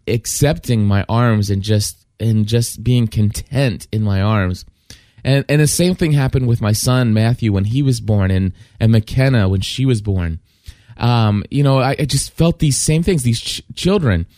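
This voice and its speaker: Middle-aged man, heartfelt and halting, mid-pitched voice, dry close recording. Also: darkish tone, no room sound. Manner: halting, many restarts, earnest and heartfelt. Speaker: father sharing a personal faith reflection. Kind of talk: casual spoken reflection.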